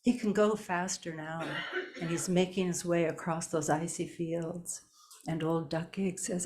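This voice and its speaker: A woman telling a folk tale live, slow and deliberate with long pauses. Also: on the low side, fairly even intonation, darkish tone. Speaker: storyteller. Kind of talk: live oral storytelling. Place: storytelling event indoors.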